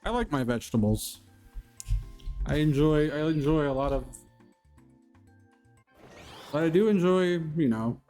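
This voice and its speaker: A man's voice: fairly high pitch, lively intonation, measured pace, long pauses, warm tone, soft background music. A man live-streaming a video game, chatting casually with his viewers and laughing often. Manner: chatty, laughs often, talks to chat by name. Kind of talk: casual live-stream chat while playing.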